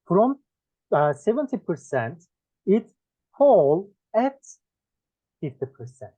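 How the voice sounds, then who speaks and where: A man with a Turkish accent, whose first language is Turkish, teaching English one-on-one and listing words one by one with pauses. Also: sits high, sing-song, dark tone, slightly rough, dry recording. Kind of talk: one-on-one lesson. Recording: dry tinny phone-like sound.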